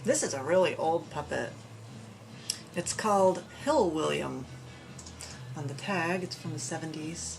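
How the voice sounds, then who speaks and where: A woman with a lowish voice chats her way through a home show-and-tell, upbeat and rambling, full of little fillers. Clear music plays behind her the whole time. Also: expressive, a little slow, long pauses. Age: adult parent. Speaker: puppet collector showing her collection. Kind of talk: casual show-and-tell chat. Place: home room full of collectibles.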